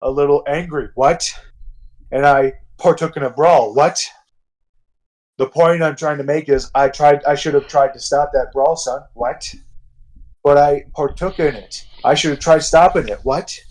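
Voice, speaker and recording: A man's voice: fairly high pitch, a little slow, a little mellow, lightly acted, poor audio. A man voicing a blunt, brawling wrestler who scolds his peers and keeps barking "What?" between sentences. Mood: scolding. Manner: repeated barking "What?" interjections.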